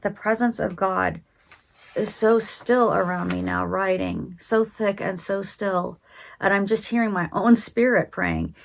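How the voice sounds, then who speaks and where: A woman slowly and reverently recounting a spiritual vision in the present tense. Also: mid-range voice, big pitch swings, vocal fry. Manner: slow, hushed and reverent.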